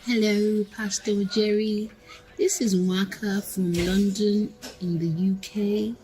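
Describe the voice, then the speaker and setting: A woman's voice: medium pitch, fairly even intonation, takes it slowly, warm tone, faint music behind, poor audio. Woman making a confident declaration. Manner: declaring, purposeful. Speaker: testimony giver. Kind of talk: recorded testimony.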